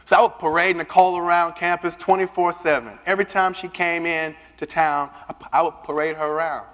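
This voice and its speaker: A man's voice: a little high, fairly quick. Man speaking in an echoing hall. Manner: lively storytelling, acting out dialogue. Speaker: keynote speaker. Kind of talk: storytelling speech to an audience. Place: large conference hall. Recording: long reverb of a big hall.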